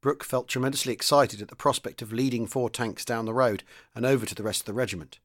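Male reader, steady measured novel narration, mid-pitched voice. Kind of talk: audiobook-style novel reading.

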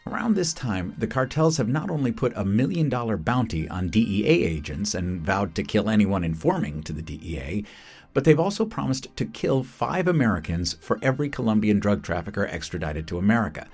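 Male podcast host, scripted narration, deep and highly varied intonation, wry touches. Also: very animated, fairly quick, a little mellow, breathy edge, faint music behind.

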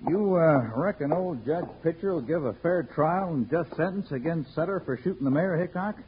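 A man's voice: a little high, expressive, moderate pace, dull audio, close to an everyday voice. An actor playing an earnest, plainspoken townsman in a 1950s radio western. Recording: hissy 1950s radio broadcast.

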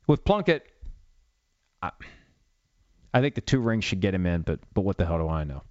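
Low-voiced, a little mellow and very animated, a sports podcast host in his fifties goes it alone at a moderate pace. His monologue is rambling, opinionated and self-mocking, captured in a dry, lo-fi recording.

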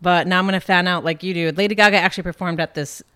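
A woman comedian chatting casually as a podcast guest, telling animated stories. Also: on the low side, rapid-fire, clean tone. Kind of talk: casual podcast chat, storytelling.

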